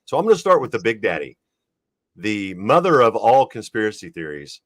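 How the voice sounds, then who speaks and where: A very deep-voiced man hosts an interview show, relaxed and easygoing as he sets up his questions. The sound is dry and close, with no room around it. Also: normal speed, dry recording. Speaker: host. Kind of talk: casual interview chat.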